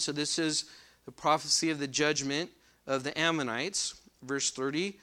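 A male pastor preaching through scripture. His voice is bright, fairly high and crisp. He booms out the verses slowly, then drops into quick, chatty explanation with questions to the room. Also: fairly even intonation. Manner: addresses the congregation directly with questions. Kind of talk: expository sermon.

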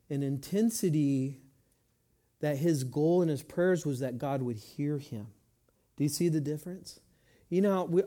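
A middle-aged man preaching a sermon, moving between quiet reflective stretches and rising, emphatic passages. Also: a little high. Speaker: pastor.

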